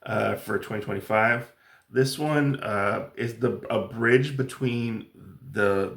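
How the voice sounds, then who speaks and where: A man's voice: on the low side, creaky, fairly bright tone, roomy sound. A man casually reviewing his monthly comic book haul, enthusiastic and rambling with plenty of fillers.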